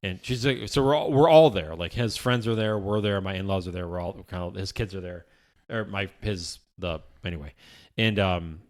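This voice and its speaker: A man's voice: low voice, normal speed. A man co-hosting a podcast in an office, chatting casually and rambling with lots of restarts and the odd swear. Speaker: podcast co-host. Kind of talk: casual chat.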